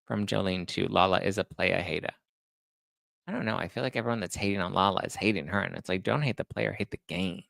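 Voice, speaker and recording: A man hosts a casual talk show, chatting loosely and reading out viewer comments. His voice sits low with a gravelly fry. The sound is dry and close, with no room around it. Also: fast talker, no echo. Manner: chatty, reads viewer comments aloud, animated retelling. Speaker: host. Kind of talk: casual chat.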